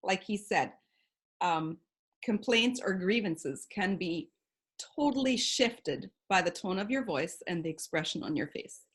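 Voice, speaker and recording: A woman's voice: fairly low pitch, measured pace, husky. Enthusiastic woman podcast host. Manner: enthusiastic, animated with quoted voices. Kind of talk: casual podcast chat and reading aloud.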